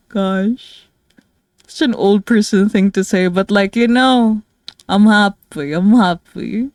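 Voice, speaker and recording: A tired, low-energy woman from the Philippines chatting casually with her viewers as a streamer, rambling with many fillers and soft laughs. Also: takes it slowly, long pauses, no echo, studio quality. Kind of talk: casual livestream chat with viewers.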